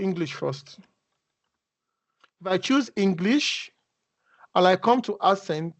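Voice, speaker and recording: Man, instructor, video call tutorial, high voice, restarts often, muffled call audio. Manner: conversational, with frequent restarts. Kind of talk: casual screen-share tutorial.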